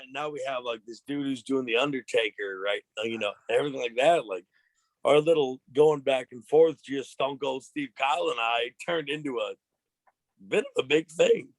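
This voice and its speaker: A man's voice: medium pitch, normal speed, no echo. A young adult man, a pro wrestler, chatting casually as an interview guest, laid-back and slangy with frequent restarts.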